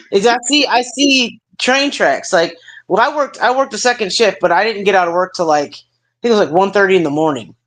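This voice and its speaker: A woman hosting a casual talk stream, telling stories in a lively way with plenty of fillers. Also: mid-range voice. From United States. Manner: animated storytelling with many fillers. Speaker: stream host. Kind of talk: casual chat.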